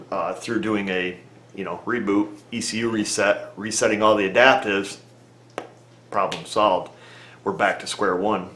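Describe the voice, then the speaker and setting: A low-voiced man talking shop as a mechanic, plainspoken and folksy, thinking out loud as he goes. His voice bounces around a roomy, echoey space. He keeps it casual and easy. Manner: plainspoken, folksy, talks through reasoning aloud. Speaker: auto repair mechanic. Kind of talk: casual talk to camera. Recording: echoey room.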